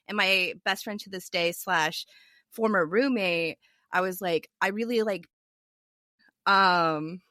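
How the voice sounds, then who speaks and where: A young woman tells a story as a podcast guest, quoting each person in turn with lively energy. Her voice is bright and forward. The sound is dry and close, with almost no room in it. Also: mid-range voice, no room sound. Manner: animated storyteller, quotes others in a lively voice. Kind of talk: casual storytelling chat.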